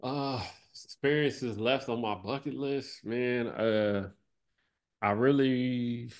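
A man in his thirties, a former basketball player, talking reflectively in an interview, loose and relaxed, often trailing off softly. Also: medium pitch, slow pace. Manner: relaxed, lots of "like" and "you know", trails off softly.

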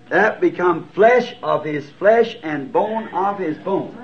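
High-voiced Southern preacher on old tape. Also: male voice, expressive, slow pace, hardly any pauses. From United States. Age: 50s. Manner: earnest, folksy, self-deprecating. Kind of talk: sermon answering written questions. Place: church sanctuary. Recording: dull lo-fi tape recording. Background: congregation answering amen.

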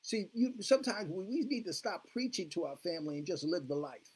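His voice sits high and slightly rough, and the pace is a little fast as this male pastor preaches. He is fervent, guiding the congregation in call-and-response with repeated cries of "glory be to God, hallelujah."

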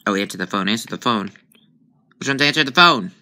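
A man's voice: fairly low pitch, expressive, a little fast, sharp tone, slight background noise. A man playing a spooky game on his channel, thinking aloud and reacting with frequent startled exclamations. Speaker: gaming channel host. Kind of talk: let's play commentary.

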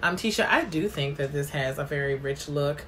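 A woman's voice: low voice, normal speed, a bit bright. A woman hosting a casual live stream, chatty and bubbly, greeting viewers by name and reading their comments aloud. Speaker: livestream host.

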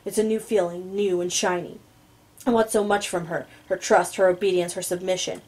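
A woman reading a first-person novel aloud in a steady, low-key storytelling voice. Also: moderate pace, poor audio. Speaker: audiobook reader.

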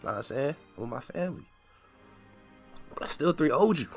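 Young man, casual gameplay commentary, fairly high voice, incredulous, stammering, faint music behind. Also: lively intonation, fairly quick. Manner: incredulous, repeats himself, stammers. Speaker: gaming video creator.

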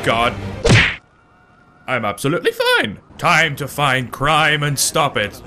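A man giving excitable gameplay commentary, often yelling and laughing. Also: on the high side, measured pace, faint music behind. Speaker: gaming channel host.

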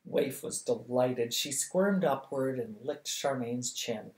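A reader narrating a novel for bedtime at a steady, lively pace. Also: medium pitch, takes it slowly. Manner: steady, lively, acts out the dialogue. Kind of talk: audiobook reading of a novel. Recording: echoey room.

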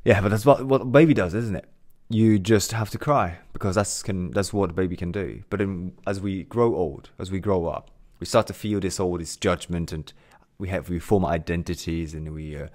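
A man's voice: deep voice, normal speed, darkish tone. A man working as a mindset coach, giving a motivational talk to camera in an earnest, emphatic way, repeating phrases and using many fillers.

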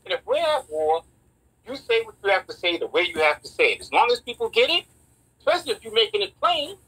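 A man, co-hosting a casual talk show, animated and speaking in quick bursts. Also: very high-pitched, husky, rough recording. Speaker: podcast co-host. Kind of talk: casual chat.

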